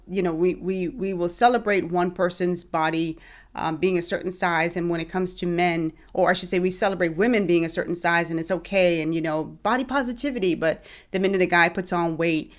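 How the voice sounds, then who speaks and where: A Bahamian woman hosting a casual opinion vlog, talking emphatically with lots of fillers and restarts. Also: fairly low pitch. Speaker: vlogger host.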